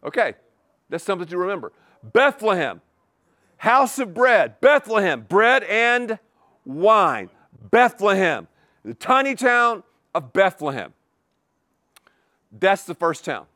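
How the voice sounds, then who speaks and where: A male pastor delivers his sermon in a high, very expressive voice that rises and falls dramatically. He hammers single words over and over and fires rhetorical questions at the congregation, sometimes stumbling over his own words as he speeds up. The sound is dry and close. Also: slow pace, long pauses, no room sound. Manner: animated, repetitive emphatic preaching with rhetorical questions.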